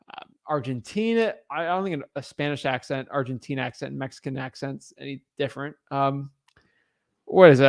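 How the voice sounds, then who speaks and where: A man's voice: on the high side, no room sound, studio quality. A man hosting a casual live stream, answering viewer questions with energy, lots of fillers and restarts, repeating himself for emphasis. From United States.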